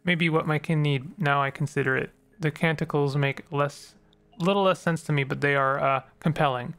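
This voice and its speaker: A man reading out the game's lines for a soft-spoken, thoughtful non-human creature, in nearly his own voice. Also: a little high, fairly even intonation, moderate pace, clear, resonant tone, faint music behind. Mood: musing. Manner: reads the game's dialogue aloud in his own voice.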